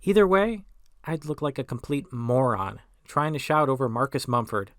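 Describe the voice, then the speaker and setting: A man in his forties hosting a solo podcast. He talks in a wry, self-mocking way, with deadpan asides. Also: medium pitch, normal speed, no room sound, clean studio sound. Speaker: podcast host.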